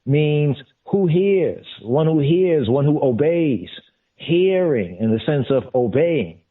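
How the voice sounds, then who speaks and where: A man teaching scripture in a deliberate way, repeating and glossing each term as he goes. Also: a little high, lively intonation. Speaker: Bible teacher. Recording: distant, phone-like lo-fi sound.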